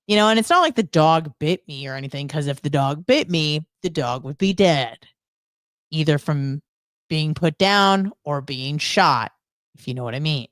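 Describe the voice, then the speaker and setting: Female co-host, low register, dry close sound; blunt, sarcastic, profane rant. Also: lively intonation, normal speed, no room sound. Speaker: podcast co-host. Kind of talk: casual ranting monologue.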